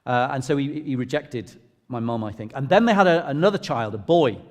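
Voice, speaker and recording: A middle-aged English vicar sharing a personal testimony in church, in a conversational, self-deprecating storytelling way. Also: male voice, mid-range voice, animated, brisk, a little mellow. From England. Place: church hall. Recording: long reverb of a large hall.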